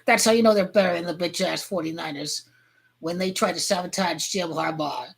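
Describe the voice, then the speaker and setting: A woman vlogger ranting crudely about football, rambling and heated, with sudden shouting outbursts. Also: lowish voice, fairly quick, creaky. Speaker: sports fan vlogger. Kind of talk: profane football rant.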